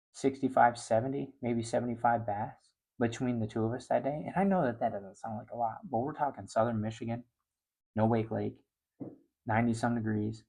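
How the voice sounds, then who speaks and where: A middle-aged man telling a fishing story in a relaxed, chatty way. His voice sits at an ordinary pitch for a man. When the story gets exciting, it jumps up loud and high. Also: gravelly. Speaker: fishing show host. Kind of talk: casual storytelling.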